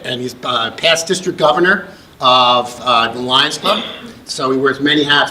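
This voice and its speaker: In a function room, a middle-aged American award presenter from the United States tells a long, rambling anecdote packed with restarts and fillers. His medium-pitched voice sounds bright and forceful, and the poor audio includes slight background noise.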